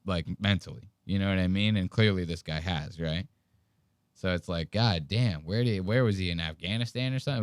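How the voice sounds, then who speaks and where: A man's voice: fairly low pitch, smooth, no echo, clean studio sound. Profane, incredulous young male podcast host. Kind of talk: casual commentary reacting to a video.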